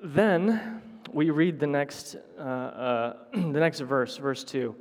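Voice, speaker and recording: A man preaching a sermon to his congregation, halting with restarts and clearing his throat often. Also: medium pitch. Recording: long hall reverb.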